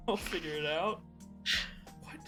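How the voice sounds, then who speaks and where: A man's voice: fairly high pitch, slow pace, music in the background. A young man co-hosting a podcast, telling rambling stories in casual chat and laughing often. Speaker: podcast co-host.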